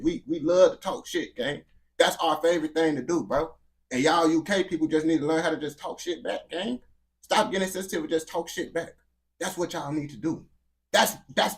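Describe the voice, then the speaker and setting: Slangy man reacting. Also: a little high. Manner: slangy, emphatic, animated. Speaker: reaction video host. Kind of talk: casual reaction commentary.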